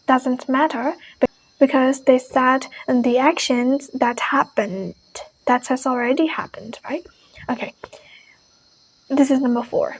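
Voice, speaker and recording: A woman teaching pronunciation in an unhurried, deliberate way, saying each example word twice. Her voice sits high and carries a soft breathiness. She speaks slowly, with long pauses between points. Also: breathy edge, low-quality recording. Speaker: English teacher. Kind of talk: explaining pronunciation lesson.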